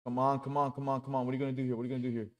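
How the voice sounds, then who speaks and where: A man's voice: mid-range voice, level tone, racing. A man live-streaming his day trading, talking through his trades with heavy swearing and frustrated outbursts.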